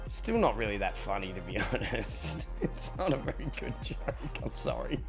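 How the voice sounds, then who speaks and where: A man's voice: fairly low pitch, big pitch swings, normal speed, gravelly, music in the background. An Australian man streaming live, chatting loosely with viewers, swearing now and then and thanking them for subs. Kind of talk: casual live-stream chat.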